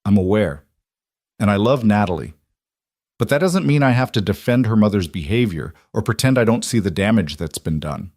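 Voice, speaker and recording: A man voicing a protective, firm middle-aged man who speaks in an earnest, measured way. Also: lowish voice, expressive, a little mellow, dry recording, clean studio sound.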